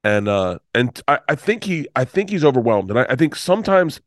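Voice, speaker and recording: A man's voice: medium pitch, very animated, brisk, no echo, clean studio sound. A man in his fifties, a comedian guest telling a rambling story full of restarts and swearing. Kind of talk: storytelling in conversation.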